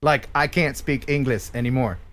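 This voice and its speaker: A man's voice: mid-range voice, normal speed, very noisy. A man from the USA hosting a live stream in casual chat, playful and joking, laughing often.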